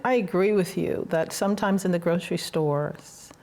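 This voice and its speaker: A woman's voice: fairly low pitch, moderate pace, darkish tone. A woman hosting an interview, telling reflective stories and encouraging her guest with affirming questions. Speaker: podcast host. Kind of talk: heartfelt conversational interview.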